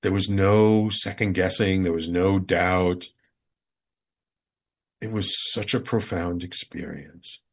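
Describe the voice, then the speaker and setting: Male host, heartfelt storyteller, earnest, slightly low voice. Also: steady tone, slow. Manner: earnest, heartfelt, repetitive emphasis. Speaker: show host. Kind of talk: personal storytelling.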